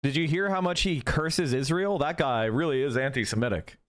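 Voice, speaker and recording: A man's voice: a little high, normal speed. A young man streaming live, reacting to clips with a profane, scornful rant. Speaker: political streamer.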